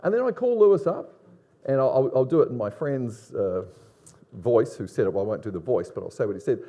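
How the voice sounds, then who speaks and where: Mellow-voiced man with a Long Island accent. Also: mid-range voice, a little fast. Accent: Long Island New York. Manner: lively, conversational, poses questions to the audience. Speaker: conference speaker, business academic. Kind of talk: conference presentation.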